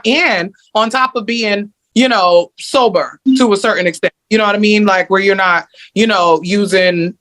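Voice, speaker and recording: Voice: medium pitch, a bit bright. A coach on a video call who lays out points one by one, with frequent fillers. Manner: methodical, lists points, many fillers. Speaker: mindset coach.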